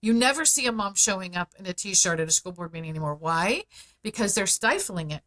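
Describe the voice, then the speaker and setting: A woman's voice: mid-range voice, animated, a bit bright. A middle-aged woman speaking as a guest on a podcast interview, talking in an emphatic, persuasive way and leaning on key words. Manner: emphatic, persuasive, speeds up and slows for stress. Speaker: guest, founder of a parents' advocacy group.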